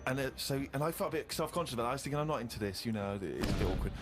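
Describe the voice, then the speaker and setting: A man's voice: medium pitch, very fast. A middle-aged man, telling an exasperated comic anecdote on a podcast. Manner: excitable, exasperated storyteller. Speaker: podcast co-host telling a story. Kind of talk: animated anecdote on a comedy podcast. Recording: crowd noise behind the voice.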